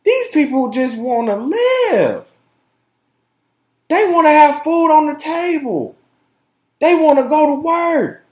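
A man's voice: very high voice, sing-song, slow pace, pauses often, roomy sound. Impassioned man ranting on his podcast. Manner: impassioned, profane, repeats words, swings from shouting to quiet. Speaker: podcast host. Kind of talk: casual opinion podcast monologue.

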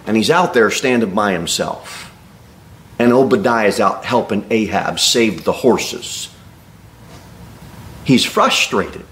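A man's voice: medium pitch, fairly bright tone. A man preaching an expository sermon as a pastor, reading scripture aloud and acting out the Bible figures' words with emphatic exclamations.

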